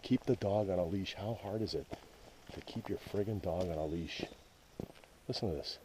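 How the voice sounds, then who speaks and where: A hiking vlogger with a Canadian accent narrates his walk along a wooded trail to an action camera, grumbling in a wry, casual way. His voice is low and his pace is normal, with noticeable background noise.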